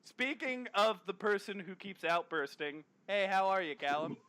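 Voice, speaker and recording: A man's voice: high-pitched, lively intonation, sharp tone, no room sound. A man hosting a casual movie podcast over a call, teasing his guests and laughing often. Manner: giggly, teasing, fast-talking. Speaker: podcast host. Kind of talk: casual group chat.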